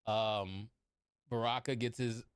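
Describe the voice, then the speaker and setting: Male movie reviewer, animated and casual, clear smooth voice, dry close mic. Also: medium pitch, slow, no room sound. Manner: animated, laughing often, swearing. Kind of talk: casual scene-by-scene movie recap.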